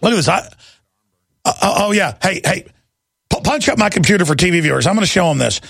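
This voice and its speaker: A high-pitched, gravelly man hosts a radio talk show with an impassioned, ranting delivery. His voice is rough and husky. It sounds dry and close on a studio microphone. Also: expressive, quick pace, fairly bright tone, dry recording. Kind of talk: heated talk radio monologue.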